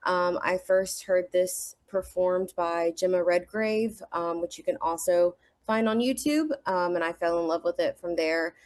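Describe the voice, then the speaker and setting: A woman with a Southern American accent gives a short, hesitant introduction, then reads a sonnet aloud. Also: fairly low pitch. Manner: unhurried, halting introduction with fillers. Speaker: sonnet reader. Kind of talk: poetry reading.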